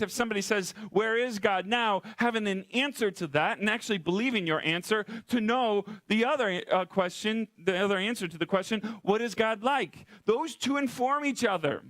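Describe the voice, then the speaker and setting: A man's voice: high-pitched, a bit bright, dry recording. A man preaching a conversational sermon as pastor, often repeating rhetorical questions to the congregation. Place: church.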